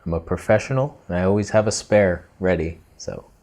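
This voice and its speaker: A man's voice: low-pitched, a little fast, a little mellow. A man hosting a comedic roast monologue, sarcastic and mocking, slipping into mock impressions. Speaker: YouTube host.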